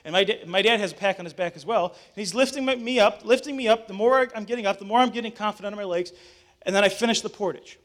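A man's voice: high-pitched, quick pace, a bit bright. A young adult man, a pastor, preaching a sermon, telling a story and rising to urgent calls to get up.

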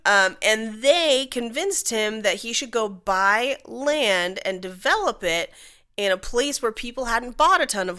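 A woman's voice: medium pitch, pushed and bright, smooth. A woman co-hosting a podcast, telling a history story in casual chat with wry asides. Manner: chatty, laughs often, wry asides. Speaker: podcast co-host.

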